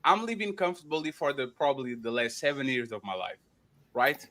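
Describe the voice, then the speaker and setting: A man's voice: mid-range voice, very animated, fairly quick, a bit bright. A man hosting a panel show, arguing heatedly, repeating names and words and talking over others.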